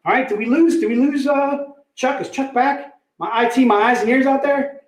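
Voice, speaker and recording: High-voiced joking man in echoey room. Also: moderate pace. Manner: jokey, laughs often, says "dude" a lot. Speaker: host of a live comic sales stream. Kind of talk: casual live-stream chat. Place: company office. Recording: roomy echo.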